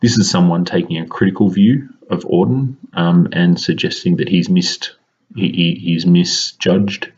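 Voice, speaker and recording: Low husky male teacher explaining poetry. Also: a little mellow, muffled recording. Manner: measured explanation with frequent ums. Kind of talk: recorded lesson.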